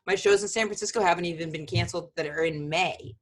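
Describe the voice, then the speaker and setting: A woman's voice: fairly low pitch, fast talker. A woman co-hosting a podcast, a comedian talking in an easygoing, rambling way. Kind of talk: casual chat.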